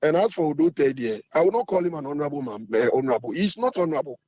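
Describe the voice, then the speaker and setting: A Ghanaian man with a hoarse voice, the chairman of a supporters' group, talking in an assertive, fiery way in an interview. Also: on the high side, animated, rapid-fire, a little mellow, dry recording, muffled recording.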